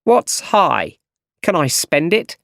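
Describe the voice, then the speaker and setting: A man reading a story, voicing a blunt landlord who demands rent loudly. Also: a little high, very animated, slow, gravelly, dry recording, voice pushed up, heavily acted. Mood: demanding. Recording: dry close recording.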